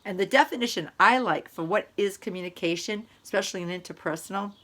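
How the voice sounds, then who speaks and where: A middle-aged woman teaches a recorded college lecture. She explains in an easy, conversational way and circles back with repeated examples. Her voice sits at an ordinary middle pitch for a woman. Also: fast talker, a bit bright. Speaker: college instructor.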